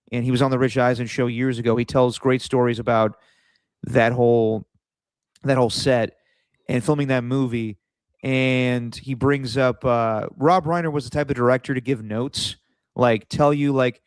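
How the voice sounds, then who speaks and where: A man's voice: mid-range voice, clean tone, no room sound. A man co-hosting a casual sports podcast, telling rambling anecdotes with plenty of fillers. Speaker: podcast co-host.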